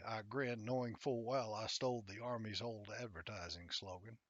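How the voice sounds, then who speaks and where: A man reading his own first-person novel aloud in a wry, conversational way, sometimes dropping into soft half-whispered asides, in a slightly muffled, dry recording. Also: on the low side, fairly even intonation, moderate pace, few pauses, husky, dry recording.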